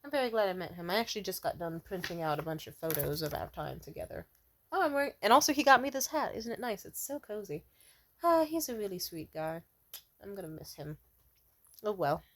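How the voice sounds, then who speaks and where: A woman's voice: medium pitch, very animated, a little fast. Young woman, casual vlog storytime, rambling with fillers, blunt and sweary, laughs a lot. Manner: rambling, laughing often, many fillers and trailing restarts. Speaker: vlogger.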